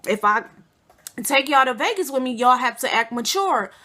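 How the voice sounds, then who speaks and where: A young woman quoting a laid-back man in his thirties in her own bright voice. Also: high voice, animated, moderate pace, exaggerated voice. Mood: offhand. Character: older man, mid-thirties, easygoing big spender.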